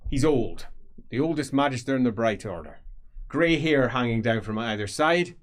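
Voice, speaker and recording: A man's voice: medium pitch, expressive, normal speed. A man in a middle register narrates a tabletop fantasy game as game master. He lays out the scene in detail and drops in casual swearing.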